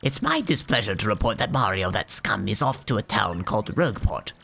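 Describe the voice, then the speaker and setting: A hoarse man voicing a fawning old female witch servant who talks in a simpering, overly polite way. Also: on the low side, very animated, brisk, sharp tone, a little hiss or hum, full character voice.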